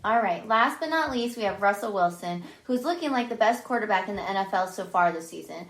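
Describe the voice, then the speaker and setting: A woman co-hosting a sports podcast, briskly reading out prompts and questions. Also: medium pitch, animated, roomy sound, low-quality recording. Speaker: co-host asking questions.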